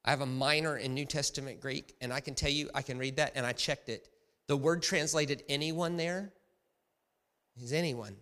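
A man preaching a sermon as pastor, conversational and emphatic, shifting from quiet asides to loud bursts. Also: medium pitch, fairly even intonation, normal speed. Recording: long hall reverb.

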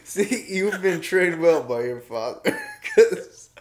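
A man's voice: high-pitched, takes it slowly, a crowd in the background. Easygoing young man calling everyone bro. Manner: relaxed, laughs often, says "bro". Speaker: podcast co-host. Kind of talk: casual chat.

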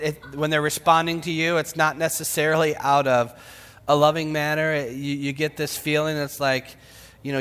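Man preaching, high voice, dramatic, shouts and whispers, long hall reverb. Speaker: pastor. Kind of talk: sermon.

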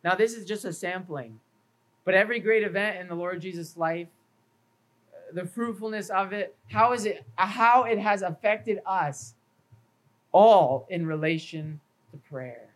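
A man preaching an evening sermon at a church in an earnest, steady way. He walks his listeners through numbered points and scripture references. Now and then he trips over a word and repeats it before pressing on. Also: high voice, a little slow, rough recording. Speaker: pastor.

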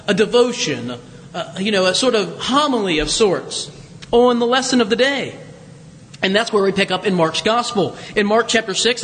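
High-voiced folksy pastor preaching. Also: male voice, fairly bright tone, big-room sound. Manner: folksy, chatty, with asides to the congregation. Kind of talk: conversational sermon. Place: church sanctuary.

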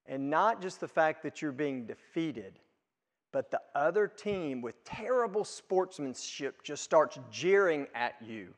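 Pastor guy preaching slow, kinda high voice, big echoey church hall. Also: animated. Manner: preaching with emphatic rises and drops, quoting scripture. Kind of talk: sermon.

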